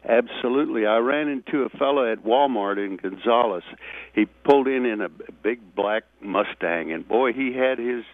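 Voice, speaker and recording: A man's voice: mid-range voice, moderate pace, no echo. A man calling in to a radio show as a regular, telling a story in a folksy way over the phone. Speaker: regular caller. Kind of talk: phone call-in chat. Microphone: telephone. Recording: tinny phone line.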